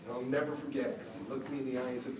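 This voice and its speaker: A man, a voice actor, telling lively stories at a convention Q&A and acting out the quotes. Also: mid-range voice, racing, a crowd in the background. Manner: animated storyteller, acts out quotes. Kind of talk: storytelling convention panel answer. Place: convention hall from afar. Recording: echoey hall, distant mic, background noise.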